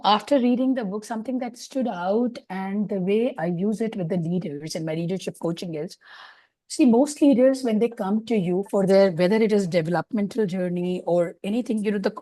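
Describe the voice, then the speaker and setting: A woman's voice: medium pitch, moderate pace, warm tone, no room sound. A woman leadership coach sharing her view in an online group discussion, earnest and hesitant with many fillers.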